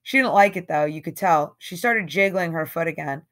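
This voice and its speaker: A woman's voice: on the low side, moderate pace, fairly bright tone. A woman reading a novel aloud in a casual, conversational way, with an occasional slip. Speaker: audiobook reader.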